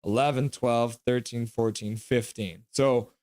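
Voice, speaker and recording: A live-stream host jokes around while streaming hockey, reacting excitably and bantering with chat as he reads it out. His voice is mid-range and measured in pace, recorded with no echo.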